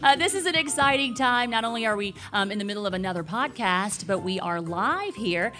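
A woman's voice: mid-range voice, animated, a little fast, bright, forceful tone. A woman, co-hosting a podcast live on a conference stage in a chatty, upbeat way. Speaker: podcast co-host.

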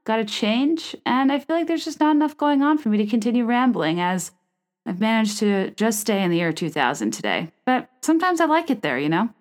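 A woman's voice: on the high side, expressive, fairly quick. A woman in her thirties hosting a solo comedy podcast, telling rambling self-mocking stories into a microphone in a small room. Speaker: podcast host. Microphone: studio microphone.

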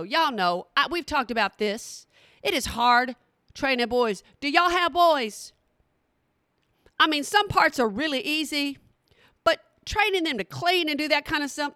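A woman's voice: high voice, fairly bright tone, no echo, studio quality. A middle-aged woman, talking bluntly and playfully straight to her audience in a casual comedic monologue. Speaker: vlogger.

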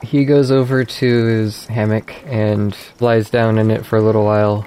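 A man narrating as game master in a tabletop role-playing game, describing scenes in a measured, descriptive way. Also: fairly low pitch, level tone, dark tone, clean tone.

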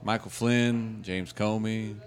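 A man co-hosting a comedy podcast, relaying news stories with halting restarts and dry puns. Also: lowish voice, steady tone. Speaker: podcast co-host. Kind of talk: casual comedy chat.

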